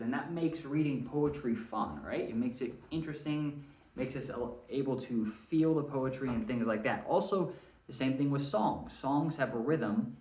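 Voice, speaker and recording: A man teaching a recorded lesson to students in a friendly way, often checking in with "all right?". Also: medium pitch. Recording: roomy, mic at a distance.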